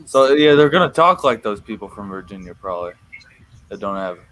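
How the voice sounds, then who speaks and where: A man's voice: fairly low pitch, lively intonation, brisk, fairly bright tone, slight background noise. A man joining a casual sports chat, making dry, correcting remarks. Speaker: co-host.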